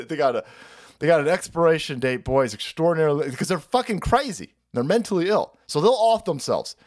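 A man hosting a livestream, ranting in a profane, mocking way and laughing often. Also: on the high side. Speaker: streamer host.

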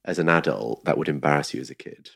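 A man hosting a podcast interview, asking curious, gentle questions and laughing along with his guest. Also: very deep voice, fast talker, vocal fry, slightly rough. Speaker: podcast host. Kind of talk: interviewer conversation.

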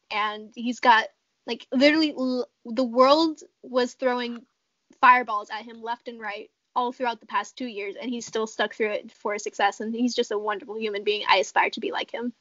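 A woman guest in a casual interview, earnest and quick to laugh. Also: on the high side, steady tone, fairly bright tone, no echo, highs cut off.

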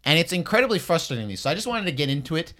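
Blunt, profane Canadian podcast host. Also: male voice, a little high, very animated, racing, sharp tone. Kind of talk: casual podcast rant.

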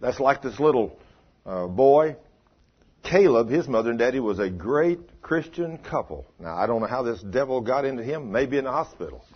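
An older man preaching a sermon in a folksy storytelling way, dropping low for commands. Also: animated, normal speed, breathy edge. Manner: folksy, drops into low hushed commands when quoting himself. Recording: dull lo-fi recording.

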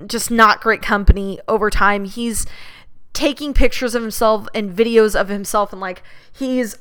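A woman's voice: a little high, fairly bright tone, smooth. A young woman casually telling a personal story, chatty, with lots of "like" and laughter. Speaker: podcast host.

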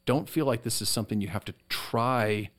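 A man with a medium-pitched, brisk, slightly bright voice chats casually. He co-hosts a faith podcast and teaches at a seminary, and his manner is affirming and teacherly.

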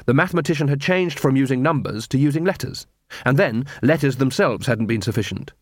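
A man narrating an audiobook in a measured, steady storytelling manner on a close studio mic. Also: mid-range voice, dry recording. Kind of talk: scripted narration.

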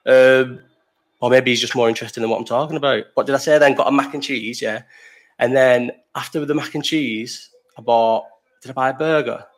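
A man's voice: mid-range voice, steady tone, brisk. A young man hosting a live chat, rambling through a festival story, swearing freely and breaking off to answer the chat. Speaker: livestream host.

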